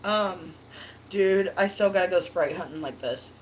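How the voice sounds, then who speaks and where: A woman's voice: on the low side, unhurried, a little hiss or hum, low-quality recording. A woman co-hosting a casual chat, giggly and teasing. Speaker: co-host.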